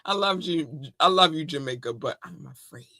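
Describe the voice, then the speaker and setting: A woman's voice: low voice, animated, moderate pace, gravelly, dry recording. A woman co-hosting a casual podcast, effusive and playful, speaking. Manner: bubbly and effusive, shouting out listeners. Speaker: podcast co-host.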